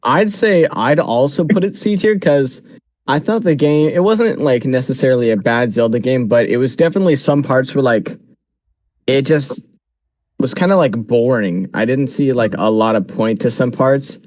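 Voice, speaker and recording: Young male co-host, casual and animated, acts out his reactions; mid pitch, dry close mic. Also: normal speed, dry recording. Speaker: podcast co-host. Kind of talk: casual chat.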